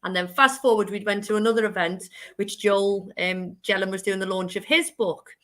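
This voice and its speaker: Bright-voiced chatty woman host. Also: mid-range voice, steady tone, moderate pace. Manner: chatty, rambling, laughs often. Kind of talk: casual chat show.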